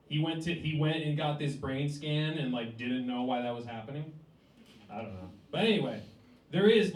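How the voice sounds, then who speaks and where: A man from Cleveland, Ohio, doing a chatty stand-up comedy set in a small cafe. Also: fairly high pitch. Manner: chatty, rhetorical, with many "like" and "right?". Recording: echoey cafe room, distant mic.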